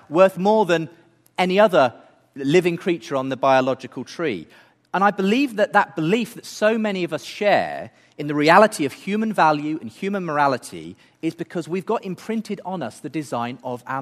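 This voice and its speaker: A man's voice: on the high side, fairly bright tone, long reverb tail. A man giving an earnest talk, building his case through rhetorical questions. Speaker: speaker. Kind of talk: apologetics talk.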